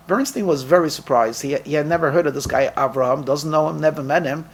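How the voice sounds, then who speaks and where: A man with a slightly high voice tells a story as a rabbi. He performs a lively storytelling sermon and acts out the characters' dialogue. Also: fast talker, few pauses, slight background noise.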